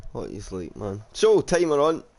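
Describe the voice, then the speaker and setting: A man's voice: fairly high pitch, creaky, darkish tone. A man, commentating a sim racing league stream in a casual, jokey way, reading out chat comments and calling the grid. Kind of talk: casual live race commentary.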